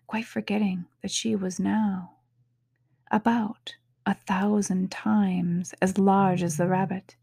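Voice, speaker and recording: A woman reading a storybook aloud in an unhurried, soft-spoken way, sometimes dropping to a whisper. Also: mid-range voice, level tone, vocal fry, slightly rough, dry recording, studio quality. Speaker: podcast reader.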